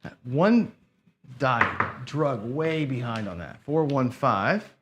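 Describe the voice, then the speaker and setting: A man's voice: mid-range voice, lively intonation, takes it slowly, heavy background noise. A man casually narrating his own craps game, counting chips and muttering frustrated asides to himself. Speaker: craps channel host. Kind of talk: casual play-by-play while gambling.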